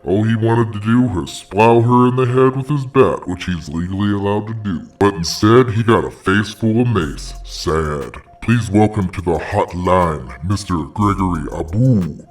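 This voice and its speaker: A man's voice: fairly low pitch, a little slow, few pauses, recorded from a distance. A man hosting a parody hotline, talking in slangy, mock-preachy street lingo. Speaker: host.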